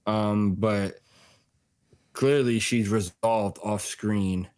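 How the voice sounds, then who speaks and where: A man co-hosting a casual podcast, giving his take in loose, slangy banter. His voice sits a little low, and he talks with easy laughs and restarts. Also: fairly even intonation, drawn-out words, darkish tone. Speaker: podcast co-host.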